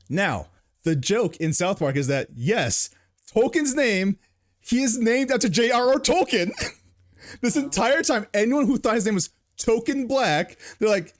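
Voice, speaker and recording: Animated, high-voiced American man laughing. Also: measured pace. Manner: laughs often, animated storytelling. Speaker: podcast co-host. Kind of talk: casual chat.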